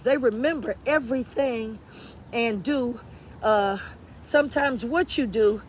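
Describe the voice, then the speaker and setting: A woman's voice: a little high, a little hiss or hum. A middle-aged woman hosting a casual live stream from her garden, greeting viewers by name and repeating her points like a preacher. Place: outdoors in a garden.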